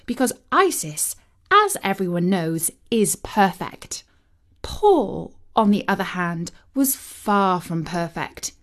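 A woman narrating a storybook in a measured, gently wry manner. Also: mid-range voice. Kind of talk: storybook reading.

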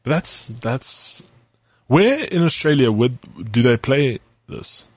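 A man's voice: medium pitch, very animated, takes it slowly, a little mellow, breathy edge, no echo. A man co-hosting a podcast, talking in an easygoing, enthusiastic way. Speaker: podcast co-host. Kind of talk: casual podcast chat.

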